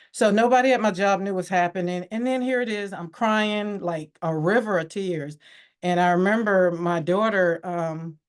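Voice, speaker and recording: A woman with a fairly low voice speaks as a podcast guest, telling her own story. She sounds candid and reflective, and her voice comes alive when she acts out what others said. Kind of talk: personal storytelling interview.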